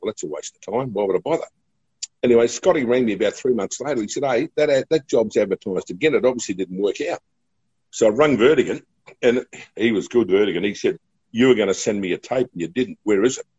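Australian man, middle-aged, husky low voice, mellow tone, dull lo-fi recording. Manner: chatty, laughing anecdotes. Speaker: radio broadcaster guest. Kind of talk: casual storytelling.

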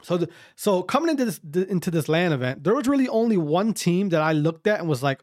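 A man's voice: sits high, sing-song, fast talker, few pauses, darkish tone, no room sound, clean studio sound. A man casually telling a long story to his viewers, rambling, repeating himself and swearing often.

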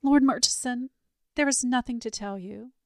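A woman's voice: mid-range voice, level tone, moderate pace, creaky, mellow, no room sound, studio quality, lightly acted. A woman voicing a secretive young society lady in a storybook reading, who answers in guarded, terse denials.

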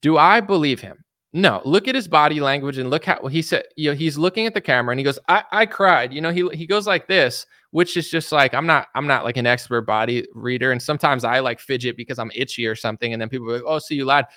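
A man's voice: medium pitch, fast talker, sharp tone, no room sound, studio quality. A man giving casual political commentary in a blunt, mocking way, rambling with restarts.

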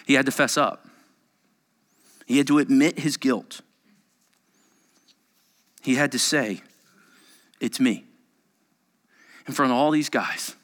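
A middle-aged man preaching a sermon, animated and acting out the voices of the people he quotes. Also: medium pitch, takes it slowly, long pauses. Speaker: pastor.

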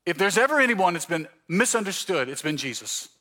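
Male pastor from Mississippi, sermon in a church, slightly high, bright and forceful tone, storyteller. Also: sing-song, a little fast. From Mississippi Gulf Coast, US. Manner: storytelling, acting out dialogue. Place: church sanctuary.

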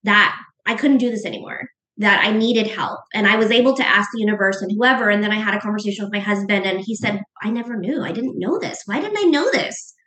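A woman's voice: medium pitch, steady tone, fast talker, bright, forceful tone. A middle-aged woman telling a personal story as a podcast guest, earnest and emotional, often restarting her sentences. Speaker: guest author. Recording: echoey room.

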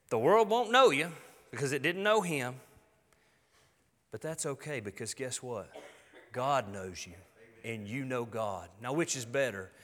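Brief: middle-aged man, pastor, bright forceful voice, folksy emphatic sermon in a reverberant church. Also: mid-range voice. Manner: folksy, earnest, emphatic preaching with colloquialisms. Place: church sanctuary. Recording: long hall reverb.

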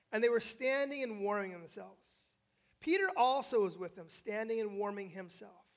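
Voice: mid-range voice, fairly bright tone. An American pastor preaching a conversational sermon who often checks in with the listeners and restarts phrases. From United States. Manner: conversational, frequent tag questions and restarts.

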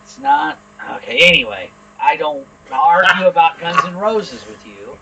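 A man's voice: on the high side, very animated, measured pace, creaky, muffled recording, very noisy. A man co-hosting a podcast in casual chat, blunt and opinionated, swearing freely. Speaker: podcast co-host.

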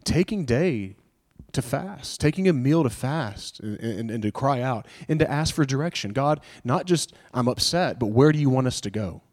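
A man delivers a sermon in an earnest, conversational way. He restarts his phrases and asks his listeners rhetorical questions. His voice sits at a medium pitch. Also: animated, moderate pace, darkish tone. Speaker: pastor.

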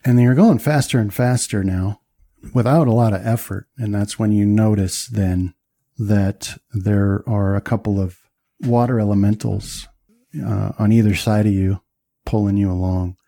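A man narrating as game master, describing scenes with many pauses and fillers. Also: lowish voice, fairly even intonation, creaky, dark tone, dry recording, studio quality.

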